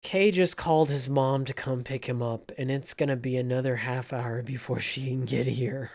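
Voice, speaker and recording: A man voicing his old store manager in an everyday tone, halting and fumbling for words. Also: medium pitch, fairly even intonation, creaky, a little mellow, close to an everyday voice. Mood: weary. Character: awkward male store manager firing someone.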